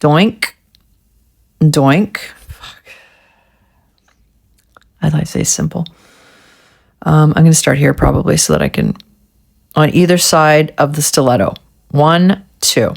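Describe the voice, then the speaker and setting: A woman's voice: low voice, expressive, takes it slowly, creaky, pauses often. A woman vlogger chatting casually through a nail art tutorial, getting frustrated and swearing at herself.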